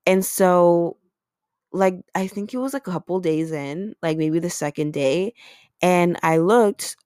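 A woman's voice: lowish voice, slow pace, dark tone, clear, resonant tone, no room sound, clean studio sound. A woman hosting a podcast, telling a personal story in a chatty way, with plenty of "like" and "um". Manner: chatty, lots of "like" and "um". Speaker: podcast host. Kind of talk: casual confessional storytelling.

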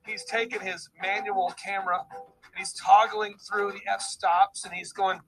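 A man's voice: high voice, level tone, unhurried, a bit bright, slight background noise, low-quality recording. A man hosting a casual podcast chat, rambling and joking, with many restarts. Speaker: podcast host.

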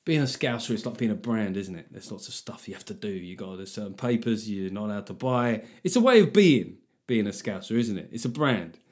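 A man runs his own podcast alone, riffing on current events with a sarcastic comedian's edge. He swears freely, and his pitch jumps up and down all the time as he rants. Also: lively intonation, a little fast, darkish tone. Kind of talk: casual solo podcast monologue.

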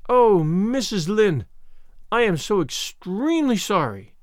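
Man doing a young orphan girl, dramatic, pleading, gushing, lilting up high. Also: very animated, moderate pace, no echo, clean studio sound.

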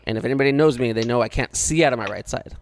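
A man co-hosting a podcast, telling a story in a rushed, animated way during casual banter. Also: mid-range voice, slight background noise. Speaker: podcast co-host.

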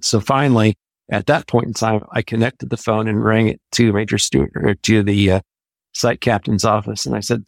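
Gravelly-voiced older American man telling stories. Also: fairly low pitch, fairly even intonation, no echo. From United States. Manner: measured, anecdotal, with occasional restarts. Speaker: interview guest, Army veteran. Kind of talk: conversational storytelling.

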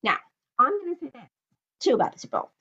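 A woman's voice: high-pitched, sing-song, fast, pushed and bright, highs cut off. A woman hosting a solo podcast, giving blunt, opinionated sports commentary and hammering her points home with repetition. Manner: blunt, emphatic, repeats points for stress. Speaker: podcast host.

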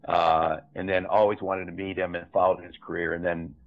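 Speaking briskly in a low, level tone, this older film director spins loose, talkative stories in an interview, wandering off into frequent asides. The audio has the thin, tinny quality of a remote phone connection.

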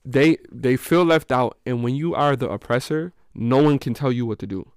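With a medium-pitched voice at an ordinary pace, a man co-hosting a relaxed podcast tells animated stories, performing what people said. The audio is studio quality with no room sound.

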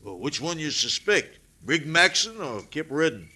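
An actor playing a wary, grieving rancher who talks in an expressive drawl, in 1940s radio acting. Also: male voice, on the high side, normal speed, husky, exaggerated voice.

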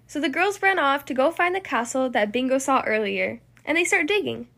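A woman hosting a podcast, reading a children's storybook aloud in a friendly, expressive way. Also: high voice, fairly quick, gravelly, hardly any pauses. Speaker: podcast host and storybook reader.

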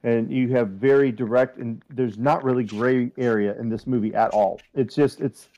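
A man's voice: medium pitch, steady tone, normal speed, dark tone, dull audio. A man co-hosting a podcast in casual chat, rambling and repeating words as he thinks. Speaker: podcast co-host.

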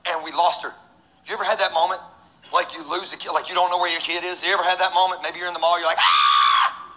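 A man preaching as pastor, energetic and joking, swinging between loud and hushed lines. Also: high voice, racing, heavy background noise. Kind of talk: sermon.

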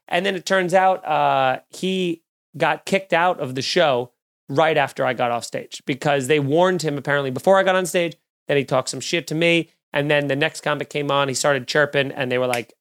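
A man, a comedian hosting a podcast, telling a story in a casual, animated way and acting out the other people's lines. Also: on the high side, moderate pace. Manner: animated, acts out quoted voices.

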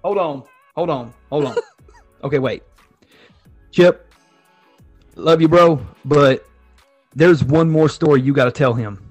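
A man in a casual podcast chat who keeps cutting in excitedly and insists on another story. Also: a little high, measured pace, long pauses, breathy edge, faint music behind.

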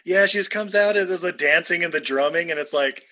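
A man's voice: fairly high pitch, fast talker, pushed and bright. A man co-hosting a casual movie podcast, joking, rambling and laughing often. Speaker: podcast co-host. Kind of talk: casual movie-review chat.

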